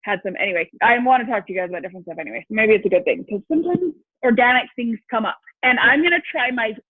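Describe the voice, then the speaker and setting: A woman's voice: a little high, racing, slightly rough, no room sound. A young woman telling a long personal story to her team on a call, chatty and long-winded. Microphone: phone call. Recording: tinny phone line, dry.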